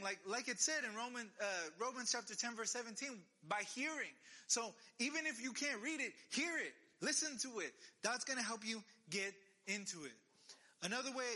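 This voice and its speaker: A man with a high, very bright voice preaches in a casual, conversational way. He presses his points with emphatic repeated phrases. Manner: conversational, emphatic repetitions, animated. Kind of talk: casual sermon.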